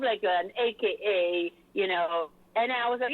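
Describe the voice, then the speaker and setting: A woman event host telling stories in an animated, hyped way, full of fillers, in a casual interview. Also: medium pitch, brisk, hardly any pauses. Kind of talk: lively interview chat. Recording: tinny phone-like line.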